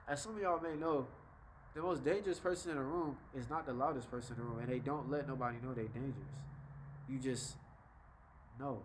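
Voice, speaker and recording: A man's voice: medium pitch, slight background noise, poor audio. A young adult man talking casually to camera with life advice, laid-back and conversational, slipping into short example voices. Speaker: vlogger giving life advice.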